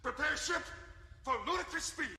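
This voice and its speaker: An actor playing a frantic, high-strung male ship commander, shrilly shouting orders in a comedy film clip. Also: normal speed, full character voice. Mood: panicked shouting. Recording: roomy film clip with long reverb.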